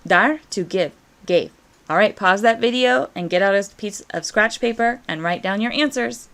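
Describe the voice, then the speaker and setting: A woman Spanish teacher, encouraging and slow and clear as she walks through verb conjugations in a recorded lesson. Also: medium pitch, fairly bright tone.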